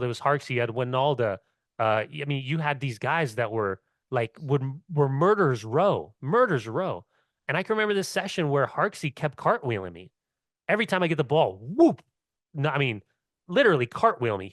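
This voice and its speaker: A middle-aged man, a former player now co-hosting a soccer podcast, tells long, rambling stories in casual sports chat, heavy on "like" and swearing. His medium-pitched voice is a bit bright, with studio quality and no room sound.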